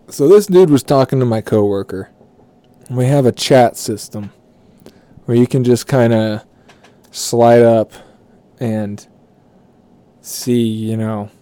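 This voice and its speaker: A man's voice: medium pitch, dark tone, no echo. A man telling a profane work story casually, rambling and correcting himself as he goes. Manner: rambling, swearing, self-correcting.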